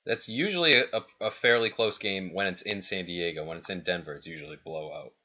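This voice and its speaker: A man's voice: deep voice, fairly quick, bright, forceful tone, muffled recording. A man co-hosting a sports podcast, talking in a laid-back way and steering toward predictions. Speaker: podcast co-host. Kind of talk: casual sports chat.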